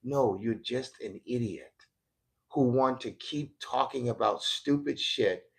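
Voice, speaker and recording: A man's voice: mid-range voice, slow, gravelly. An American man doing live-stream political commentary, combative and profane as he mocks a viewer. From United States.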